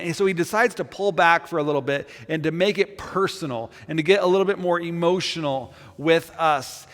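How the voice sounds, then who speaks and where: A man with a bright, high voice delivers a sermon. He speaks earnestly and often doubles back on words as he builds toward a point. His voice rings with the long reverb of a large hall. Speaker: pastor.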